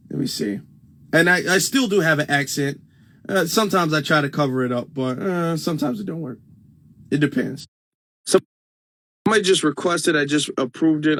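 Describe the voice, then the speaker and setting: A man with a Midwestern US accent hosts a casual phone livestream in a fairly high, fairly bright voice. He's emphatic, repeating his points for stress.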